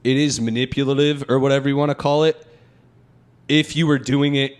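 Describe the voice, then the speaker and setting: A man's voice: medium pitch, steady tone, fairly quick, clean tone. Swearing young man telling stories on a podcast. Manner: loose, swearing storyteller who laughs at his own stories. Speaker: podcast host. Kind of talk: casual podcast chat.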